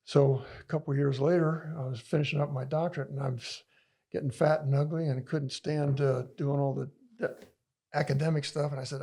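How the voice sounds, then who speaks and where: An older man with a gravelly, husky voice talks loosely and at length as a guest, circling back and restarting his sentences. He sounds like someone recounting memories in easygoing conversation. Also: a little high, fairly even intonation, normal speed, dark tone. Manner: rambling storyteller with many restarts and laughs. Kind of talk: casual conversation.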